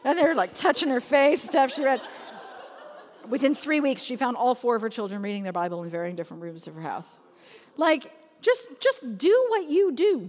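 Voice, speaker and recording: A woman speaking about children's ministry, telling lively anecdotes with frequent laughter. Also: sits high, in a large hall. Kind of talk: storytelling talk.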